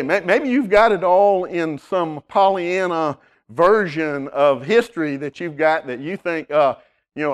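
A pastor with a fairly high-pitched voice preaches emphatically, moving from loud declarations to hushed appeals. He often repeats words as he launches into a phrase.

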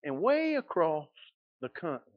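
Southern pastor preaching with rising emphasis. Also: male voice, fairly high pitch, very animated, normal speed, dry recording. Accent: Southern American (Georgia). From South Georgia, USA. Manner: preaching with swelling, emphatic repetition. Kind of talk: sermon. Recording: dull lo-fi sound.

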